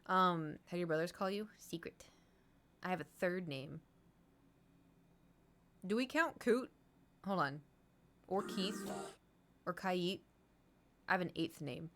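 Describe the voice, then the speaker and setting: Chatty young woman streamer, lowish voice. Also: slow pace, pauses often, a little hiss or hum. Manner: rambling, animated storytelling with laughs. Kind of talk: casual chat with stream viewers.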